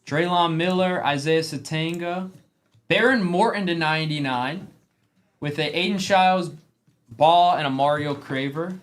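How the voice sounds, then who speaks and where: A man hosting a live sports card break, reading off player names from the cards he opens. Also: on the high side. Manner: rapid name roll-call of cards.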